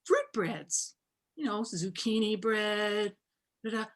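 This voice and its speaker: A woman's voice: medium pitch, animated, slow pace. A woman, a book artist, talking reflectively in a panel over a video call, with many fillers and restarts. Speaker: book artist giving a talk.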